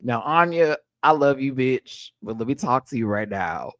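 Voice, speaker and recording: A man hosting a live show review, ranting in an animated and profane way. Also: mid-range voice, moderate pace, no room sound, studio quality. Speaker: host.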